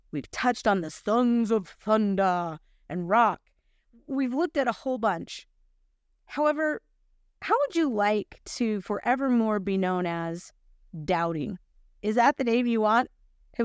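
A middle-aged woman teaching a Bible lesson, telling a personal story with lively voices for the people in it. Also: mid-range voice, unhurried, clean tone, no room sound, studio quality. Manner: animated storyteller, acts out quoted voices.

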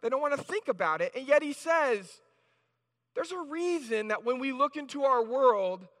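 A male pastor delivers a sermon in a loose, conversational style, with frequent restarts. His voice sits very high and bright. The reverberant church hall gives every phrase a long tail. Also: expressive, normal speed.

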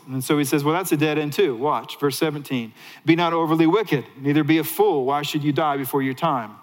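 A man preaching a sermon as a pastor, animated, rising to excited highs and dropping to hushed lows. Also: a little fast, big-room sound, poor audio.

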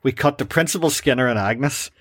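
A man co-hosting a podcast, casually recapping a cartoon episode, with quick quoted voices and frequent laughs. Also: medium pitch, fairly bright tone, dry recording. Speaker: podcast co-host.

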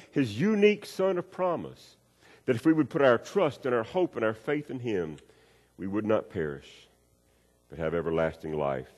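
A man preaching a sermon, acting out a story with swings between loud and hushed delivery. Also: lively intonation, normal speed, dull audio. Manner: storytelling with acted-out voices, wide swings in pitch and loudness. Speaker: pastor. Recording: long reverb of a hall.

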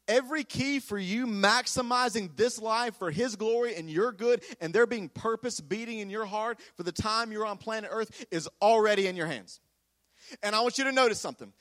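High, bright-voiced energetic preacher man. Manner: energetic, emphatic preaching with audience call-and-response. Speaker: pastor. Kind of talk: sermon.

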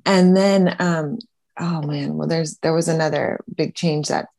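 Mellow, low-voiced woman chatting candidly. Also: steady tone, a little slow, creaky. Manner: candid, reflective, lots of "like". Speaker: podcast co-host, psychologist. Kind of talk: casual chat. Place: at home.

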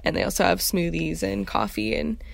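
A woman's voice: fairly low pitch, sing-song, moderate pace, gravelly, no echo. A young woman co-hosting a student podcast, recommending places with upbeat enthusiasm. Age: young adult. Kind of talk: casual chat.

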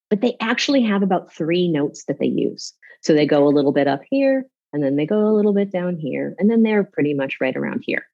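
A woman speaking as a public speaking coach in an off-the-cuff interview, animated and demonstrating with her voice. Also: medium pitch, breathy edge, dull audio.

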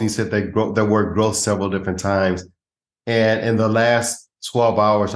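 Male podcast host, low voice, echoey room, friendly and affirming. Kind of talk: casual interview talk.

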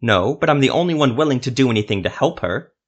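A man voicing Silva, a fierce, stubborn young woman, in a high, urgent, pleading voice. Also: slow. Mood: desperate.

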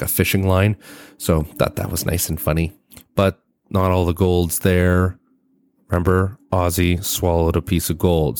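A man's voice: a bass voice, a little mellow, no echo, clean studio sound. A man hosting a casual movie review podcast, rambling and swearing, with lots of fillers and restarts. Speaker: podcast host.

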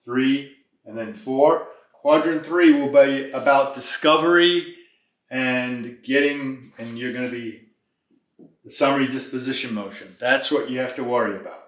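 A man's voice: mid-range voice, unhurried, a bit bright, echoey room, dull audio. A man giving an informal video lesson on debt defense, emphatic and folksy, often wandering off on tangents.

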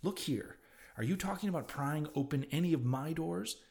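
A man voicing a flustered older landlady who scolds and frets in rapid exclamations, in an audiobook reading. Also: medium pitch, animated, darkish tone, lightly acted. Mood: alarmed. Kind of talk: audiobook character voice.

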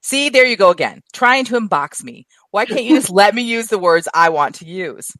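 A woman's voice: mid-range voice, expressive, moderate pace, fairly bright tone, dry recording, pitched above the performer's own voice, lightly acted. A woman reading the lines of a touchy husband married thirty years, from her own short story. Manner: read aloud plainly from a story.

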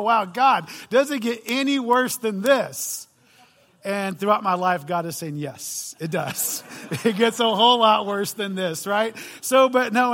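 A middle-aged man preaches a sermon in a high-pitched voice. He tells stories with self-deprecating humor before turning to scripture. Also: fairly bright tone. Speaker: pastor.

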